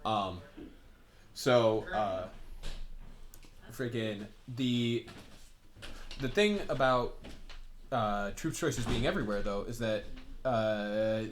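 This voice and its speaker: A man's voice: fairly low pitch, slow, pauses often, a little hiss or hum. A man co-hosting a casual tabletop gaming chat, talking in rambling runs with lots of fillers and asides. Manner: rambling, many fillers and asides, laughs often. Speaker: co-host.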